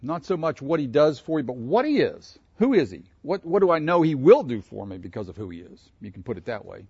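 Animated male preacher, lively pitch. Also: a little fast, breathy edge, no room sound, highs cut off. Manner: animated, asks the audience questions, laughs between points. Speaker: pastor. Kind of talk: interactive sermon.

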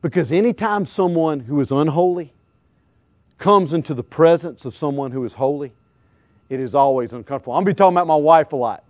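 Man, evangelist sermon, high voice, dry close sound, animated, questions the crowd. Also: brisk, no echo, dull audio. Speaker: evangelist preacher.

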